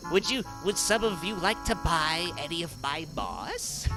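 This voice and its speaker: A bubbly little frog-woman shopkeeper chirps her offers in a high, bouncing voice, as a man puts her on. She swoops eagerly through her lines, cheerful and slightly scatterbrained, the way a tabletop storyteller plays a quirky merchant. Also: sing-song, a little slow, over music. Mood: chirpy. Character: cheerful little female frog-folk moss seller.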